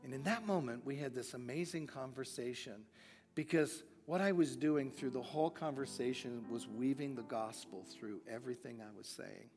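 A man's voice: medium pitch, moderate pace, a little mellow. A man preaching at a church service, telling stories from his own ministry in an earnest manner and often restarting sentences. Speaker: guest preacher. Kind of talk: sermon with personal storytelling. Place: large church hall. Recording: long church-hall reverb, faint music.

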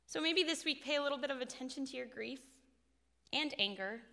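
A woman's voice: sits high, fairly quick, creaky, bright, forceful tone, long reverb tail. A woman in her twenties giving a sermon, telling a personal story in an earnest, confessional way. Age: 20s. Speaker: speaker at a faith talk.

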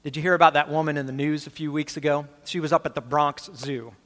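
A man's voice: fairly high pitch, fairly even intonation, fast talker, fairly bright tone. A man preaching a sermon as a pastor. He speaks earnestly and with emphasis, asking his listeners rhetorical questions. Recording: long reverb of a large hall.

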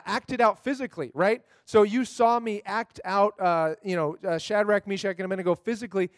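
A man's voice: high voice, no room sound. A man giving a casual, upbeat talk on memorizing scripture, chatty, with many fillers and tag questions.

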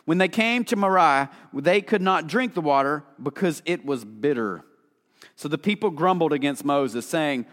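A man's voice: on the high side, animated, moderate pace, a bit bright. A man preaching a conversational sermon, chatty and casual, full of fillers, acting out the voices he quotes. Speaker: pastor. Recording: long hall reverb.

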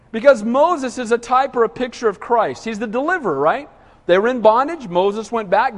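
High-voiced male pastor in a reverberant hall. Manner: conversational, asks the congregation questions, acts out whiny voices. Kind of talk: sermon.

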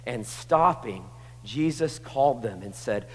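A man preaching a sermon, moving from hushed, intimate lines to passionate shouting. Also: on the low side, expressive, moderate pace, a little hiss or hum. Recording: long hall reverb.

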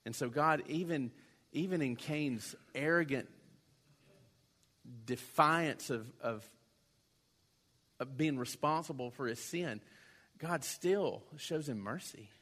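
A man's voice: fairly high pitch, slow, long pauses, fairly bright tone. A man preaching a sermon in a conversational way, acting out quoted voices now and then. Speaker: pastor.

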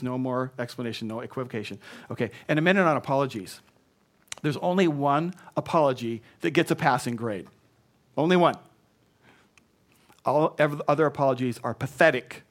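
A male pastor preaching a sermon in a church, acting out excuses and bad apologies and leading the congregation in call and response. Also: mid-range voice.

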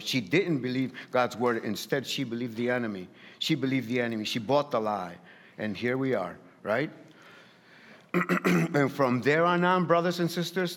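A man's voice: mid-range voice, a bit bright. Repetitive, emphatic preacher man in a hall. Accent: non-native English. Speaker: pastor. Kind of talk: sermon.

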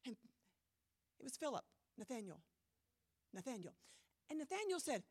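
A woman pastor preaching a sermon in a church, emphatic with dramatic pauses, her voice a little strained. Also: sits high, very animated, a little mellow, husky, dry recording. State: voice trouble, slightly strained.

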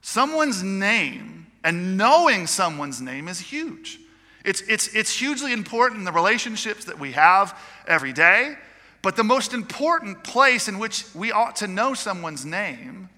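A man's voice: sits high, big pitch swings, a little slow, sharp tone, big-room sound. A man preaching a chatty sermon, mixing teaching with joking asides to the congregation. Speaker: pastor. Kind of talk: conversational sermon.

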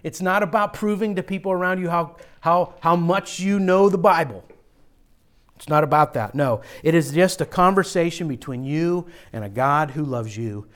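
A young man preaching a sermon as pastor, earnest and direct, often dropping to a quiet hush to drive a point home. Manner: earnest, drops to a low hush for emphasis.

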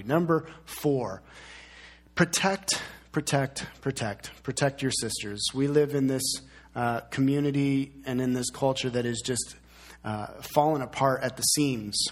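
A man's voice: mid-range voice, normal speed. A man in his thirties preaching a sermon as pastor, emphatic and fond of repeating key words.

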